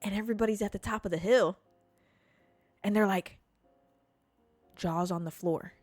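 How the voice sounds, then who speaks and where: A woman podcast host telling a wild story in a casual, animated way, full of swearing and dramatic pauses. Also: mid-range voice, no room sound, faint music behind.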